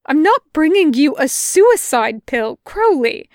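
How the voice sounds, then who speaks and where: In a studio-quality recording with no room sound, a woman performs a full character voice pitched above her own, playing an anxious, fussy male angel who stutters and pleads. The delivery sits high, is very animated yet a little mellow, moves at a slow pace, and sounds flustered.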